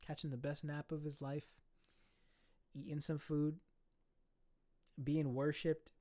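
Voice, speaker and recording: A young man casually telling a story, animated and profane, full of slang. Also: a little high, takes it slowly.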